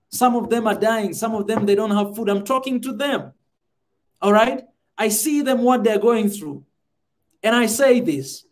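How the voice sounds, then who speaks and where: A man, speaking fervently on a podcast and repeating phrases for emphasis. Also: high voice. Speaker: podcast host. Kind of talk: impassioned podcast monologue.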